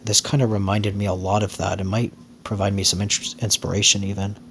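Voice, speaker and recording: Low-voiced man musing aloud. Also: little pitch movement, fairly bright tone, a little hiss or hum. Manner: musing, halting with fillers. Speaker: reader and host. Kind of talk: reading then casual commentary.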